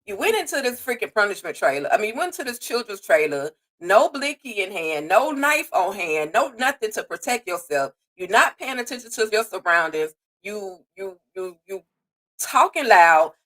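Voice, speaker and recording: A woman's voice: medium pitch, very animated, normal speed, a bit bright, poor audio. A woman co-hosting a casual live recap chat. She talks bluntly and expressively, cussing and laughing often. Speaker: co-host.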